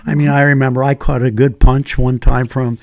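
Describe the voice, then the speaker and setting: Older guy, ex-teacher, gravelly voice, tells stories and does the voices, dry close mic. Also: medium pitch, fairly quick, dry recording. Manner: animated anecdotes, acts out quoted voices. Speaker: retired teacher, podcast guest. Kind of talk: casual storytelling chat.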